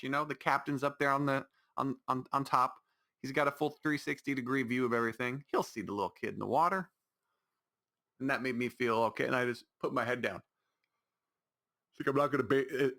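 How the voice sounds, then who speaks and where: Here a podcast host speaks by himself in a mid-range voice with lively intonation and a brisk, bright, forceful tone. It's a loose, exasperated solo ramble, and he often starts over mid-thought.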